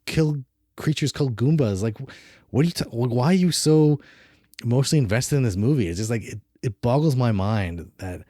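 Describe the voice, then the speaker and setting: A man's voice: medium pitch, lively intonation, a little fast, warm tone, dry recording, clean studio sound. A man co-hosting a casual film review podcast, opinionated and rambling, with frequent restarts. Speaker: podcast co-host.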